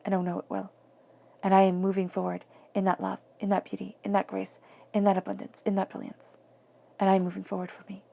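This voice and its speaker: A woman giving a tarot reading in a soft, flowing, reflective way, sometimes dropping to near-whispers. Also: mid-range voice, monotone, fast talker, creaky. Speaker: tarot reader.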